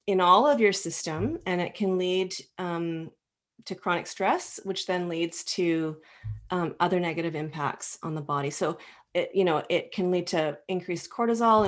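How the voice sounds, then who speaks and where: A Canadian woman who co-owns a clinic as an acupuncturist gives an informal health talk indoors while presenting slides. She's warm and earnest with a fairly low voice, explaining things casually in a chatty practitioner style full of ums and restarts.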